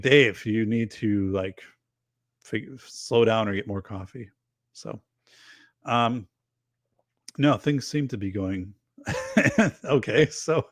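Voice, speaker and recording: Male livestream host, mid-pitched, loose rambling chat, very dry close sound. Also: dry recording. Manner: rambling, chatty, reads chat aloud. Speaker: show host.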